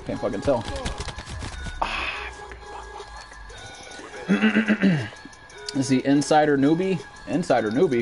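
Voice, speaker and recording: A man's voice: on the high side, a little slow, vocal fry, long pauses, over music. A young American man streaming a shooter game, cursing constantly, ranting and reading out viewers' chat messages. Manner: profane, excitable, reads chat aloud. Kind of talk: live gameplay commentary.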